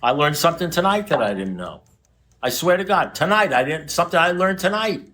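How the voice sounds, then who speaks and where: A man's voice: fairly high pitch, sing-song, a little fast, sharp tone. A man in his seventies speaking to a recovery group, blunt and profane, mixing warnings with jokes. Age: 70s. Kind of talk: recovery meeting talk. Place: recovery meeting room with a group.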